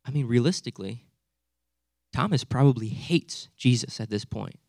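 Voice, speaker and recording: A man's voice: mid-range voice, normal speed, gravelly, dry recording. Conversational young male preacher, dry sound. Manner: animated, conversational preaching with frequent "right?" asides. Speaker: pastor. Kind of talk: sermon.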